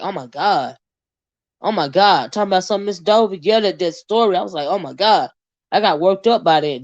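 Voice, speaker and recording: A woman's voice: mid-range voice, no room sound, dull audio. A woman, chatting casually to her viewers, talkative and laughing often. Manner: chatty, laughs a lot, drawls "child" and "y'all". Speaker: vlogger.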